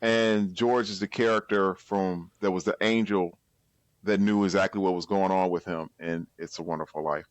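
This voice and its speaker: A man's voice: low voice, fairly even intonation, normal speed, no room sound. A man co-hosting a podcast, enthusiastically chatting about a movie and tripping over his words. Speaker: podcast co-host. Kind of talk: casual movie chat.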